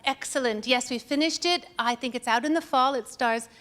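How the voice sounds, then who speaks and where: A woman's voice: high-pitched, moderate pace, a bit bright. A woman doing a stand-up comedy set on stage with a dry, matter-of-fact delivery. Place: stage before a live audience. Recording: live audience and room noise.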